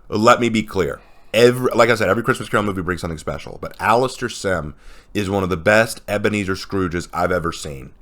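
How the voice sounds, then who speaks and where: A man with a fairly low voice talking casually and eagerly about movies he loves. He retells scenes with lively energy, slipping into quoted lines. Relaxed, conversational delivery. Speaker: co-host of a movie list video. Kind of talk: casual chat.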